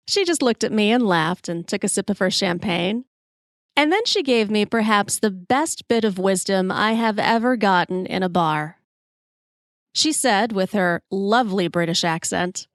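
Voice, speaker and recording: A woman's voice: mid-range voice, normal speed, dry recording, studio quality. Wry woman in her forties, telling stories. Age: 40s. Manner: wry, self-deprecating, expressive. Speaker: podcast host. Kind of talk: solo storytelling podcast.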